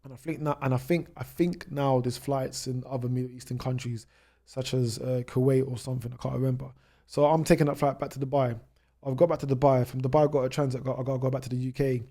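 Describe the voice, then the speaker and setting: Fast-talking British man telling travel stories. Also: medium pitch, flat delivery, warm tone. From United Kingdom. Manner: rapid anecdotes with many restarts. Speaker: guest, travel YouTuber. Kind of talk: storytelling in a podcast interview.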